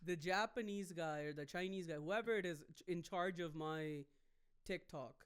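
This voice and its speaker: A man from Canada, a stand-up comedian hosting a podcast, telling a story in a rambling, animated way. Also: high voice, normal speed, clean tone. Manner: rambling, animated, with many fillers.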